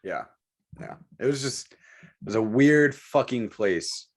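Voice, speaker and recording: A man's voice: medium pitch, measured pace. A man co-hosting a podcast, telling military stories in casual profane chat and mimicking the people he quotes. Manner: profane, animated storytelling with mimicked voices. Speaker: podcast co-host.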